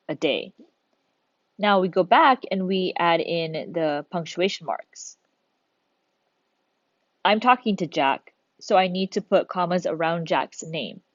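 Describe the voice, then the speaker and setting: A woman's voice: fairly low pitch, animated, unhurried, pauses often, no echo, lo-fi sound. A woman teacher talking through a recorded grammar lesson, patient, step by step, thinking aloud as she works.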